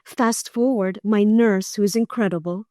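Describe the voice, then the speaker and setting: A middle-aged woman, a guest on an interview show, telling her story in an earnest, animated way and acting out other people's voices. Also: mid-range voice, normal speed, no echo, clean studio sound. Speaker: guest, cancer survivor.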